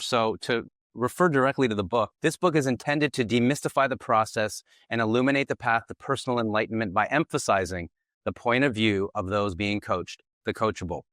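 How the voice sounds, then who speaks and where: A man, a podcast guest, reading a passage from his book in a measured way. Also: medium pitch, a bit bright, no echo, clean studio sound. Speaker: guest, co-author.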